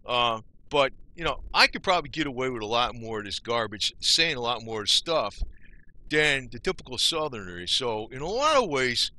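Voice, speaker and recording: His voice is mid-range, bright and pushed, with a sing-song lilt at a normal speed. He's an older vlogger from Northeast New Jersey, rambling loosely to the camera in a folksy way, swearing mildly and often asking "you know?"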